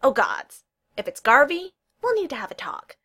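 Woman reading a dramatic nosy young guy, all accusing and loud and sing-song. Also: high voice, sing-song, normal speed, pitched above the performer's own voice, exaggerated voice. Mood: theatrical. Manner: theatrical, accusing. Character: nosy, dramatic young man, best friend.

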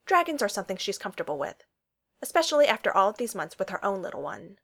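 Casting: woman storyteller, lively intonation, reading fiction aloud. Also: mid-range voice, quick pace.

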